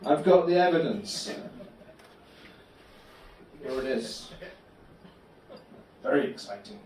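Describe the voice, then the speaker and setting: A man doing a stand-up comedy set in a club, telling absurd stories deadpan. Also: mid-range voice, slow, slight background noise. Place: comedy club bar room. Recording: echoey club room from a distant mic.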